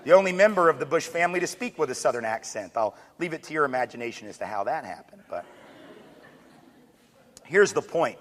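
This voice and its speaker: Energetic lecturing man in echoing hall. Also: medium pitch, brisk, slight background noise. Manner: energetic, joking asides. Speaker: speaker on diversity. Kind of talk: public lecture. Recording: long hall reverb.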